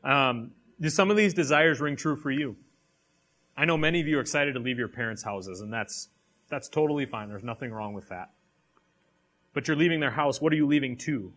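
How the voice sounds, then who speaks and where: A man's voice: medium pitch, fairly bright tone. A man reading a passage aloud and then preaching on it, with direct questions to a live audience. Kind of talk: sermon.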